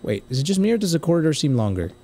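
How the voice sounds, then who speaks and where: A young man from the United States commenting casually on a game he plays, swinging from quiet muttering to loud outbursts. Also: on the high side, racing, over music. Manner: excitable, swings from muttering to yelling. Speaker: gaming streamer.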